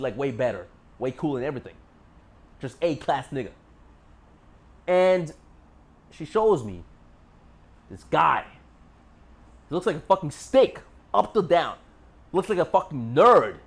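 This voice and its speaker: Young male vlogger, brash storyteller, swings his pitch widely, slightly high voice. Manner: boastful, swearing, rambling with many fillers. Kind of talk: casual storytelling.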